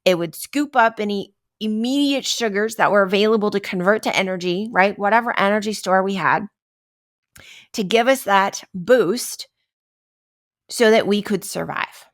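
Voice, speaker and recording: A woman hosts a casual wellness podcast, speaking in a mid-range voice at a moderate pace. She chats conversationally, acts out everyday stressful moments, and keeps asking "right?"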